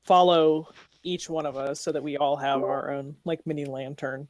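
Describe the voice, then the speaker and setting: A player in a tabletop game explains plans in a casual, practical way. The voice sits at a middle pitch. The recording is dry. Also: level tone, moderate pace, no room sound.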